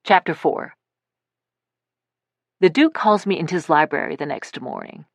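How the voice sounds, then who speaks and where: A woman reading a first-person audiobook aloud, with lively storytelling that voices the characters' dialogue. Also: low-pitched, normal speed, gravelly, no echo. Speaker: audiobook narrator.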